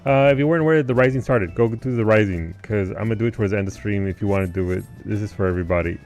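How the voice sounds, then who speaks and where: A man's voice: lowish voice, very fast, darkish tone, soft background music. A man live-streaming who chats casually with his viewers, laid-back, greeting people by name and swearing now and then. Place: home basement.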